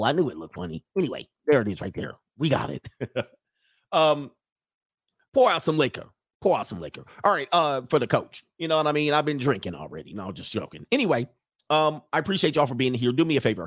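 A man hosting a casual live commentary stream, loud and joking, with slangy asides and drawn-out exclamations. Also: mid-range voice, no room sound, clean studio sound. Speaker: livestream commentary host.

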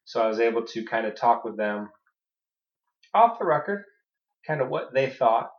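A man co-hosting a podcast, chatting casually about fantasy football with dry, deadpan teasing. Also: medium pitch, moderate pace. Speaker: podcast co-host. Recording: echoey room, dull lo-fi sound.

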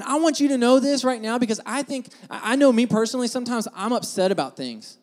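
A man preaching a sermon who is earnest and repeats words as he builds emphasis, moving between hushed scripture reading and loud rising points. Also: high-pitched, animated, fast talker, hardly any pauses. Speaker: pastor.

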